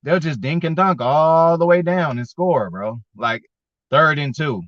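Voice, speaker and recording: A man's voice: on the high side, animated, measured pace, fairly bright tone, no room sound. A man hosting a casual sports fan show, talking with viewers in a slangy, profane way and getting worked up as he goes. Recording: dull lo-fi.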